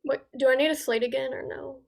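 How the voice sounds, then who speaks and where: A woman's voice: high voice, steady tone, quick pace, creaky. A woman acting student on a video call, hesitant and unsure as she answers her teacher.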